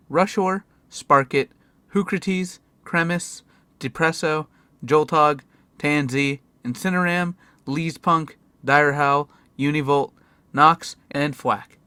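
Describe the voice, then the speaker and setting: A young man who is a gaming video creator, giving excitable gameplay commentary and voice-over narration with loud outbursts and swearing. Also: mid-range voice.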